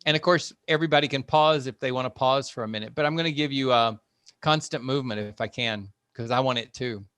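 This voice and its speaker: A man's voice: mid-range voice, quick pace, fairly bright tone, clean tone, no echo. An older man, a fitness instructor, wrapping up an online class in a chatty, encouraging way with plenty of fillers over a video call. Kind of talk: online class wrap-up talk.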